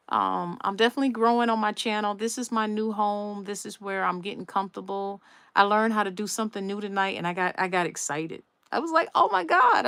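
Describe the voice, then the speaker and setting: A woman's voice: on the low side, a bit bright, clear, resonant tone, dry recording. A woman hosting a casual live stream, talking emphatically to her viewers and repeating her points. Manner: emphatic, repeats herself, addresses viewers as "y'all".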